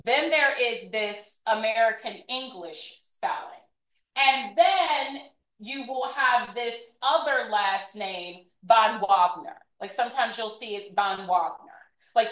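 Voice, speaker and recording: A woman's voice: fairly high pitch, fairly bright tone. A woman giving a conversational history talk as a presenter, chatty and often checking in with "right?". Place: event room. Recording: echoey room, mic far off.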